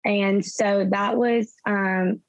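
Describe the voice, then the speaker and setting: A young woman, a guest in an interview, retelling events through quoted dialogue in a soft, halting way with fillers. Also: mid-range voice, fairly even intonation, no echo. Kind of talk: personal storytelling in an interview. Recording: slightly dull, dry sound.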